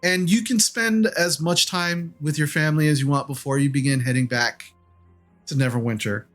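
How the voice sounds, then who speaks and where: Brief: easygoing male game master, slightly high voice, faint music behind. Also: moderate pace. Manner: relaxed, filler-heavy narration. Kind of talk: narrating a tabletop game.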